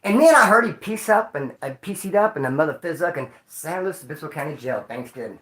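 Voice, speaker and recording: Brief: bright-voiced man spinning slangy, cussing stories, roomy echo. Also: on the high side, brisk. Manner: animated, slangy and profane, acting out quotes. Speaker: storyteller recounting prison life. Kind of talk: casual storytelling monologue.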